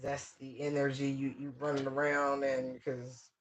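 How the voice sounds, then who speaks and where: A man's voice: medium pitch, completely flat delivery, a little slow, slight background noise. A man giving a casual, channeled tarot reading in loose, slangy, rambling talk full of fillers. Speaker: tarot reader.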